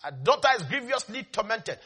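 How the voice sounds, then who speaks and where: A man's voice: high-pitched, big pitch swings, brisk, pushed and bright, breathy edge, big-room sound, full character voice. A man preacher voicing a desperate mother who shrieks and pleads for her tormented daughter. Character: desperate Canaanite mother crying for help.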